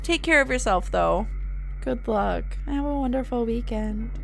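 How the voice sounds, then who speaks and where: Bright-voiced giggly young woman streamer. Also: on the high side, animated, a little slow, creaky, slight background noise. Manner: giggly, chatty, reacting to chat. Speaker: streamer reading horror files. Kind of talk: casual live-stream chat and reading.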